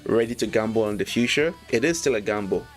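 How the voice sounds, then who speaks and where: A man casually reviewing a manga chapter, reading lines aloud, excited and slangy, laughing often. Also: fairly low pitch, fast talker, faint music behind. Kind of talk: casual read-along commentary.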